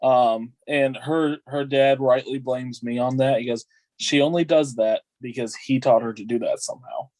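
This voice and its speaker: A man's voice: mid-range voice, steady tone, moderate pace, darkish tone, dry recording. A man chatting casually and playfully with friends. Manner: playful, laid-back. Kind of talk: casual chat.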